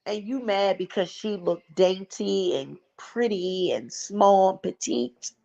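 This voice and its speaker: A woman's voice: medium pitch, slow, gravelly, mellow, lo-fi sound. A woman hosting a casual gossip commentary vlog, blunt, sassy and profane. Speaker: vlog host.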